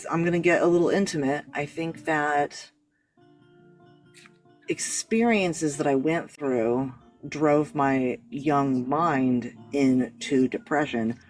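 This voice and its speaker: In a casual discussion as a guest on a live talk show, a man with a voice on the high side rambles earnestly through his spiritual beliefs, repeatedly restarting and correcting himself. The audio is poor.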